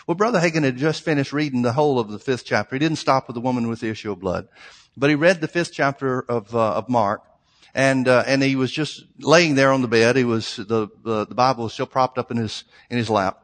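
A man's voice: medium pitch, brisk. A man preaching a sermon, reading scripture aloud and retelling a story with fillers and restarts. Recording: long hall reverb.

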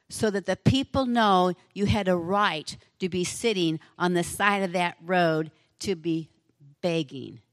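Slow, dramatic woman preacher. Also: mid-range voice, dry recording, clean studio sound. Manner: vivid, dramatic storytelling. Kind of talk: sermon.

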